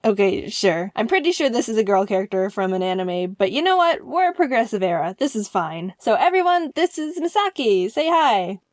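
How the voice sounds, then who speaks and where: Young woman storyteller: bright, excitable, self-mocking, with a higher voice and a dry, close sound. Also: moderate pace, hardly any pauses, dry recording. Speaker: animation storyteller. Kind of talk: comedic storytime narration.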